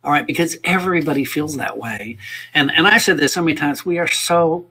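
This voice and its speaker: A man with a husky, slightly rough voice leads a livestreamed workshop. He talks in an earnest, rambling way, restarting phrases and repeating words as he makes his point. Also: fairly high pitch, a little fast, pushed and bright. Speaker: music teacher leading a workshop. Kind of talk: casual spoken workshop talk. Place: indoors, livestream.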